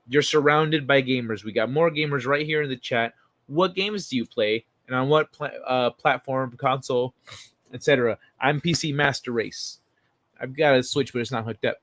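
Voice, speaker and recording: A man with a medium-pitched, somewhat bright voice hosts a casual livestream, reading an article and chat messages aloud. He chats loosely with frequent fillers and the occasional swear word, and the recording is dry.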